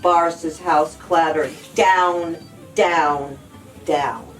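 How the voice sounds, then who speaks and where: Librarian lady reading a kids story aloud, sing-song and slow, mic far away. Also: low-pitched, steady tone, soft background music. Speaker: children's librarian. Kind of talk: storybook read-aloud for children.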